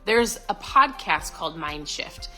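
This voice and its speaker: A woman's voice: low-pitched, animated, unhurried, bright, forceful tone, soft background music, poor audio. A middle-aged woman giving a casual, upbeat motivational talk to camera, chatty with lots of fillers and restarts. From Florida. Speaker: vlogger.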